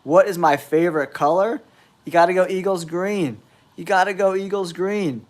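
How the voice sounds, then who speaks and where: Hosting a live football stream while nursing a cold, this man speaks at normal speed in a high, nasal voice. He dishes out blunt, exasperated trash talk as he comments.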